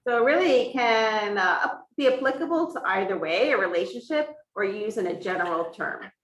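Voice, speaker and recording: Animated and a bit bright, a woman's mid-range voice moves at normal speed as she interprets a sign language lesson for a teacher, voicing it in the first person and explaining things step by step. The setting is a hybrid in-person and online classroom, picked up from afar in an echoey room.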